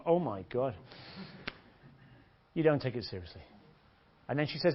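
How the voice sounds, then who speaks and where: A man teaching a dating seminar in an animated, joking way, swearing and laughing often. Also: mid-range voice, moderate pace, long pauses, husky. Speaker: dating coach. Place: seminar room. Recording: dull lo-fi recording.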